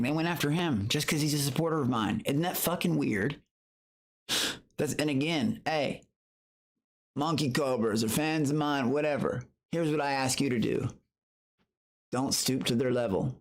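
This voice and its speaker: Cussing guy on a live stream, rambling to chat, voice shoots up high when he says hi to people. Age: adult. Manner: profane, rambling, talks to chat, jumps to a high excited voice when greeting viewers. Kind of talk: casual livestream chat.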